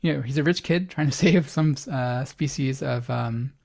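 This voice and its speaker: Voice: medium pitch, normal speed, creaky, a little mellow. A podcast co-host in casual chat about a TV series, hesitant and easygoing, laughing along with the others. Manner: hesitant, lots of fillers and restarts, laughs along.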